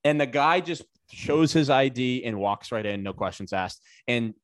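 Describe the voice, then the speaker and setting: A man casually telling a long, animated anecdote on a podcast, with lots of swearing. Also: mid-range voice, moderate pace, no echo, studio quality. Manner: animated, profane anecdote telling with acted quotes. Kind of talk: casual storytelling chat.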